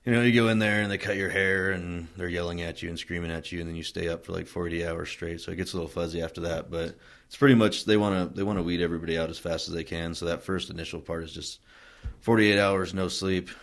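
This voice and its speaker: A man from Wyoming, a Marine veteran being interviewed, telling his story in a relaxed, rambling way with many fillers and restarts. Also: sits low, fast talker. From Wyoming, USA. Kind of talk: casual oral-history storytelling.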